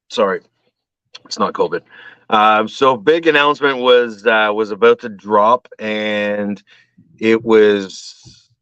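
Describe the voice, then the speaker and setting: A man's voice: lowish voice, extremely slow, long pauses, clear, resonant tone, dry recording. A man from Canada, a guest on a show, chatting casually and acting out the voices in his stories. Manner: animated storyteller, acts out voices. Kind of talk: casual chat. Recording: dull dry call audio.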